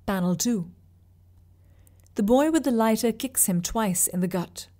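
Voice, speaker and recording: A woman's voice: a little high, a little slow. Woman reading fiction aloud. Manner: steady, vivid storytelling. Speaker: reader. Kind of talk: audiobook narration.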